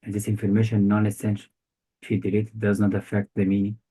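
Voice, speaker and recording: A man's voice: lowish voice, completely flat delivery, fast, dark tone, husky, low-quality recording. A male tutor giving a one-on-one grammar lesson, quizzing his student with short repeated questions. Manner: quizzing, repetitive questions, non-native phrasing. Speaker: English test tutor.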